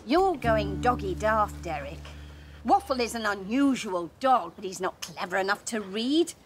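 A woman's voice: medium pitch, big pitch swings, a little slow, soft background music. An actress playing a prim, disapproving neighbour who scolds from her garden. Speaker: fussy neighbour. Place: outdoors in a garden.

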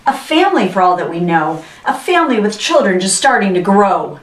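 A woman's voice: medium pitch, sing-song, a little fast, far from the mic, close to an everyday voice. Woman reading as an earnest elephant. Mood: pleading. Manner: pleading, earnest. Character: kind, worried, loyal male elephant. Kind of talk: storybook reading. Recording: roomy, voice from off-mic.

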